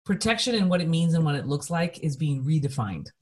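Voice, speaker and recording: A woman co-hosting a conversational discussion, speaking earnestly and emphatically while keeping her voice steady. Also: deep voice, brisk. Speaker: podcast co-host.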